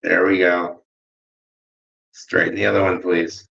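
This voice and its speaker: A man running a ghost-hunting session with dowsing rods, making slow, polite requests with long pauses and turning soft-spoken when emotional. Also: sits low, level tone, creaky, highs cut off. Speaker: ghost hunter. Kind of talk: dowsing-rod spirit session.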